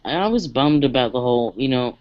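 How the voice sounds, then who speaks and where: A man chatting casually and confiding, hesitant and full of fillers. His voice is smooth and resonant, recorded dry with no room around it. The sound is dull and lo-fi. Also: medium pitch, animated, brisk, no room sound. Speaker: podcast co-host. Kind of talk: casual chat.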